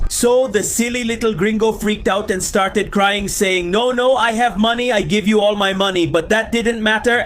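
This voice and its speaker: A man narrating funny personal mishaps in an animated, comic storytelling style. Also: high voice. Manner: animated, quick, comic voices for quotes.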